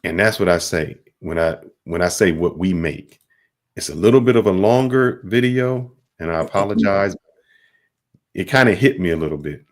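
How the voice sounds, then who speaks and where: A podcast host with a deep voice speaks at a moderate pace on a talk podcast. In plain, casual speech he reflectively tells a simple parable.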